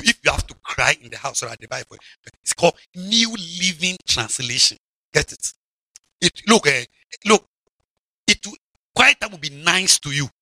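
A man preaching a lively sermon as a bishop, mocking and shouting for emphasis. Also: fairly high pitch, gravelly, no echo.

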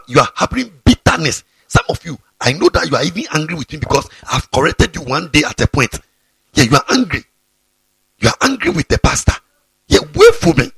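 A man's voice: a little high, creaky, fairly bright tone, slightly rough, no echo. A man, preaching a fiery, scolding sermon to students and often repeating himself. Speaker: pastor.

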